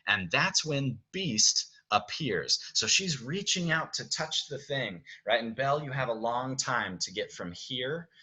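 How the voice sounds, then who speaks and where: A man's voice: medium pitch, animated, measured pace, hardly any pauses, pushed and bright, breathy edge, poor audio. A man directing actors from home, explaining stage blocking in a chatty way, often checking in with "okay?". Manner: chatty, keeps checking with "okay?", sings music cues. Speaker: theater director.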